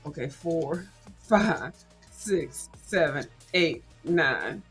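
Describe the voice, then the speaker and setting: A woman's voice: mid-range voice, expressive, moderate pace, soft background music, poor audio. Sassy, blunt woman chatting while snacking. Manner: sassy, blunt, cusses freely, chews loudly into the mic. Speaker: livestream host. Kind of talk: casual chat while snacking.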